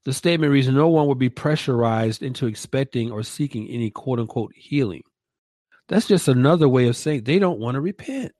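A man's voice: medium pitch, expressive, fairly quick, a little mellow, dry recording. Emphatic preaching-style man, dry sound. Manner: emphatic, repeats words for stress. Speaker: podcast co-host. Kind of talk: Christian commentary podcast.

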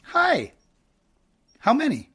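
Casting: chirpy young hostess greeting diners, high and bright, a man doing the voice. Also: huge pitch swings, slow pace, husky, exaggerated voice. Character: friendly young female restaurant hostess.

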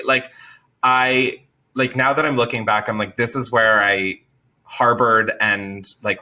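A man telling a story in casual chat, animated and profane, with lots of "like.". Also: on the low side. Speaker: podcast co-host telling a story.

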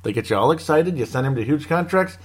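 A man's voice: a little high, animated, fast, husky. A man hosting a casual solo sports show, rambling through team news with wry asides and chuckles. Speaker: sports podcast host.

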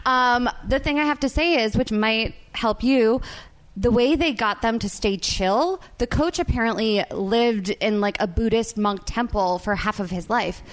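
A woman's voice: on the high side, measured pace. A young woman hosting a podcast in casual chat, bubbly and giggly with a loose, playful way of talking. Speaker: podcast host.

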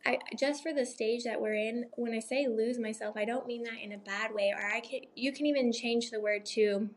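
A woman's voice: a little high, fairly even intonation, a little fast. A woman in her thirties chatting casually about motherhood, rambling with lots of fillers and tag questions. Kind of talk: casual chat.

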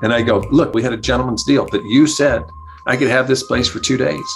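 A man telling a comic anecdote as a podcast guest, animated, acting out the people he quotes and laughing as he goes. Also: mid-range voice, fairly quick, creaky, faint music behind. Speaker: guest storyteller, comedy writer. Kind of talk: casual anecdote.

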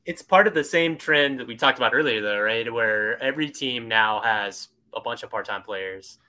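A man with a mid-pitched voice joins a podcast as a guest. His tone is very bright and sharp, and his casual chat is lively, with animated asides. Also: moderate pace.

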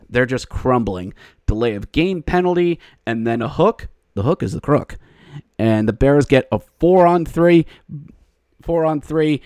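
A male podcast host recapping a hockey game, slipping into excited play-by-play calls and shouting at the goals. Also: mid-range voice, dry recording, clean studio sound.

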